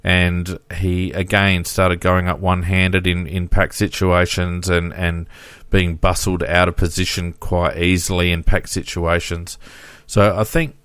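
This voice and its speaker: A man's voice: deep voice, a bit bright, clear, resonant tone, no echo. A man co-hosting a casual football podcast, reading out stats with frequent fillers. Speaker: podcast co-host.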